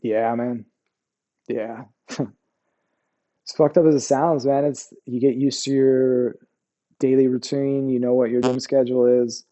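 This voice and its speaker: Man, 40s, veteran interview guest; low-key dark tone, loose profane storytelling. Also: fairly even intonation, takes it slowly, long pauses, dull audio. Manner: profane, rambling, keeps asking "you know what I mean".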